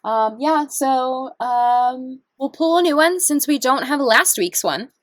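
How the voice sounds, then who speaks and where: A woman vlogging casually, bubbly and giggly, who turns slow and hushed to guide a meditation. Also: high-pitched, lively intonation, dry recording.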